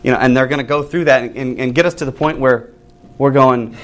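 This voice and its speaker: A man's voice: mid-range voice, a little fast. Joking man leading a Bible class. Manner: joking and lively, reads aloud then comments. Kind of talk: casual Bible class talk with reading aloud.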